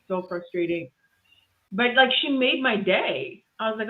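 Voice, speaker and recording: Animated woman on a tinny line. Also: medium pitch, normal speed. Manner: animated, laughs often, acts out voices in stories. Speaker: guest. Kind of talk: casual storytelling.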